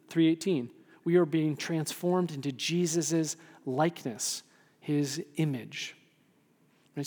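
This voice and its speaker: A man pastor giving an animated sermon, often asking the room "right?" and acting out quotes. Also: a little high. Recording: long hall reverb.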